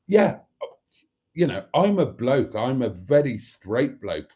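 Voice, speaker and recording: A man's voice: medium pitch, sing-song, slow, mellow. A middle-aged British man hosting a live stream, chatting casually and rambling through jokes and viewer comments. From Britain. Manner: chatty and rambling, with dry jokes and mock outrage. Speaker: livestream host reading viewer comments.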